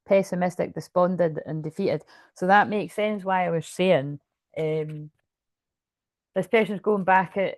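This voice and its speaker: A woman talks through a tarot spread in a loose, rambling way, often restarting her sentences and dropping swear words. Her voice sits a little low for a woman. The sound is dry, with no room echo. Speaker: tarot reader. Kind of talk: casual tarot card reading.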